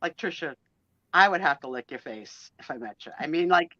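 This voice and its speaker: A woman with a bright, forceful voice that sits a little low, telling stories animatedly in a live online chat. She laughs easily and acts out quotes. The sound is dull and dry, like lo-fi stream audio. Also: animated, fairly quick, no echo. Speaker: guest co-host of a live sale chat.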